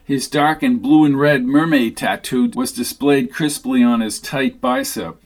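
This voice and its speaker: A man reading a novel aloud as narrator, in a steady, even manner. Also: medium pitch, unhurried. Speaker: audiobook narrator. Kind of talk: scripted narration.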